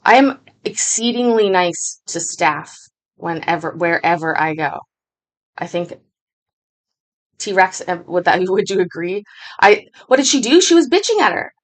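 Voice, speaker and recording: A woman's voice: lowish voice, expressive, measured pace. Rambling, foul-mouthed woman host. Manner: rambling, profane storytelling. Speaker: stream host reacting to clips. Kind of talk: casual chat.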